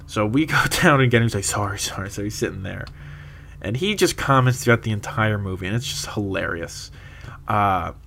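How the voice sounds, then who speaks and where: A young man telling a rambling, casual story, laughing often and filling pauses with "uh" and "um". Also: medium pitch, a bit bright, slight background noise.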